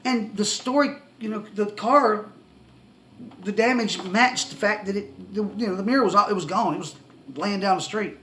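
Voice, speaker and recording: A man telling a personal testimony story to the camera, excitable and rambling with many restarts. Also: high voice, normal speed, a little hiss or hum, poor audio. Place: indoors, seated facing the camera.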